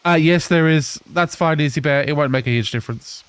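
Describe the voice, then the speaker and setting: A man in his thirties from England with an English accent softened by Australian, chatting casually with viewers while playing a game live. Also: a little high, a little fast, clean tone, no room sound. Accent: English mixed with Australian. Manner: chatty, answers viewers, laughs often. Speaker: live streamer. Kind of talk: casual live-stream chat while gaming.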